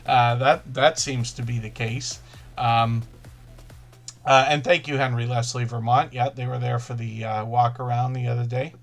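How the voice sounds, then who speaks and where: A man hosting a live stream, talking fast and casually, often restarting his sentences as he greets viewers. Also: medium pitch, little pitch movement, soft background music. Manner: fast-talking, self-correcting, chatty. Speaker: livestream host.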